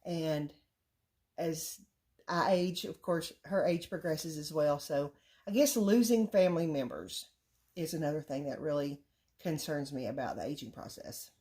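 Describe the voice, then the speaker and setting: A middle-aged woman co-hosts a family vlog, chatting casually in Southern country talk and laughing often. Her voice is deep and mellow, with a measured pace.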